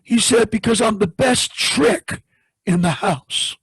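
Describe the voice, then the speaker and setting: Husky high-voiced man preaching a story. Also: animated, slow pace, a bit bright, dry recording, rough recording. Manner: dramatic retelling, acts out the voices in the story with big pitch swings. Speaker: preacher telling a testimony. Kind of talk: sermon storytelling.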